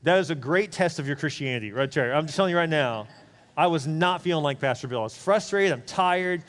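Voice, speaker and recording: A male pastor tells a story from the pulpit at a rapid clip, his voice sitting a little high for a man. He talks candidly and chattily, throwing quick asides to the congregation. The sound rings out with the long reverb of a church hall. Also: lively intonation, fairly bright tone. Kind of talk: storytelling sermon.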